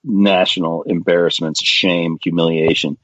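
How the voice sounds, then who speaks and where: A man's voice: low voice, steady tone, unhurried, dry recording. A man hosting a casual podcast, talking bluntly and ranting with lots of profanity. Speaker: podcast host. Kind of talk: casual chat. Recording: dry, slightly muffled podcast audio.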